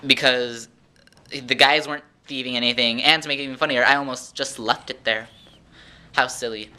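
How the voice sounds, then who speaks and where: A man telling a rambling, animated story in a casual vlog, acting out the voices of the people in it. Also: medium pitch, normal speed, clean tone. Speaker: vlogger.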